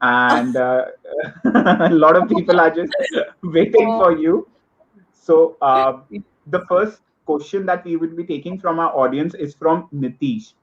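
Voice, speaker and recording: A man's voice: on the high side, a little slow, highs cut off. A male host of a live online interview, polite and formal, reading audience questions.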